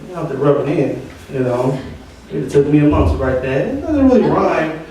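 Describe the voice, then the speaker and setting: A man's voice: a little high, lively intonation, brisk, mellow, slight background noise. A man doing rambling, ranting stand-up comedy at an open mic. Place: open mic venue with audience. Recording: echoey room from far off, audience.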